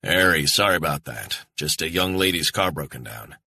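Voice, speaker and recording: A man's voice: a bass voice, animated, normal speed, pushed and bright, dry recording, heavily acted. A man voicing a wary American male operative who answers in terse, understated lines. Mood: guarded.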